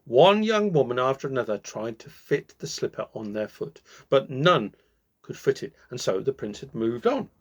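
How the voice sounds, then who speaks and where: A man reading a fairy tale aloud, with slow, expressive pacing and dramatic pauses. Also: mid-range voice. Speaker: storyteller.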